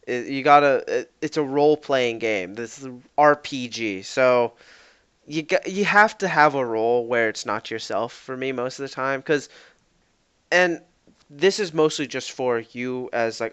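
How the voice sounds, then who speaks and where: Male podcast co-host, clear smooth voice, casual rambling chat, muffled lo-fi recording. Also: mid-range voice, a little slow, a bit bright. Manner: rambling, self-correcting, acts out player quotes. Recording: dull lo-fi podcast mic.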